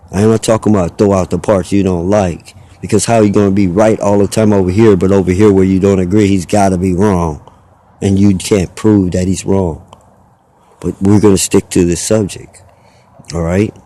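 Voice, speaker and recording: A man's voice: on the low side, mellow, no echo. A man delivering a rambling, preachy spoken monologue, arguing his point with rhetorical questions and mock voices.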